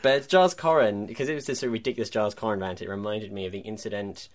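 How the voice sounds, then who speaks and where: A man co-hosts a relaxed film podcast, talking in a fairly low voice. His delivery is wry and chatty, and he often breaks into laughter. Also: fast. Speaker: podcast co-host. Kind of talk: casual film podcast chat.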